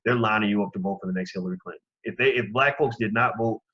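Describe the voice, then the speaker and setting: A man delivers fiery opinion commentary, preaching straight at his listeners. His voice is husky and a little breathy. The recording sounds dull and lo-fi. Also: lowish voice, quick pace. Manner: impassioned, preaching, direct address to listeners. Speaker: commentary channel host.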